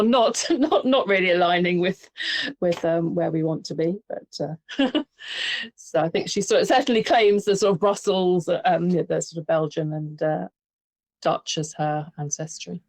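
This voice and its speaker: A woman with a fairly low voice, talking as a podcast guest who lectures on film. She is measured and conversational and leans on "sort of" again and again. Her voice sounds dry and close, with little room sound. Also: darkish tone, no room sound. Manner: measured, peppers speech with "sort of".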